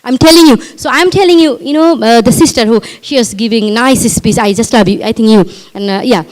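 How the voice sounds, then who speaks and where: A middle-aged woman with a Bangladeshi accent and a high voice addresses a live audience as a parenting coach. She is animated and emphatic, and she piles up rhetorical questions and repeats her points. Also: a little fast. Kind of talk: speech at a live community event. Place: community event before a live audience.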